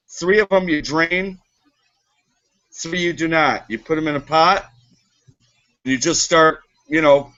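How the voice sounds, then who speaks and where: A man's voice: fairly high pitch, sharp tone. A man in casual chat explaining a recipe step by step. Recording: dull lo-fi sound.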